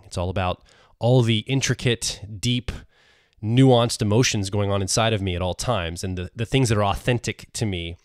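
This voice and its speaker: Podcast co-host, male, lowish voice, dry close mic, thinks aloud with restarts. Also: no room sound. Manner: talks through ideas with frequent restarts. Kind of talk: conversational podcast explanation.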